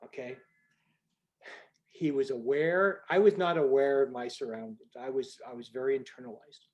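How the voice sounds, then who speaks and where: An older man telling a personal story on a group video call in an earnest, conversational way, going soft at the moving parts. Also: mid-range voice, a little fast, highs cut off. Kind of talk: storytelling talk.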